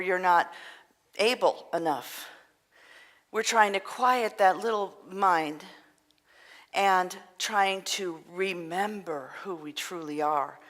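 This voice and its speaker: A woman minister giving an earnest, gentle sermon, sometimes dropping to a soft, breathy near-whisper. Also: mid-range voice. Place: church sanctuary. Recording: long reverb of a hall.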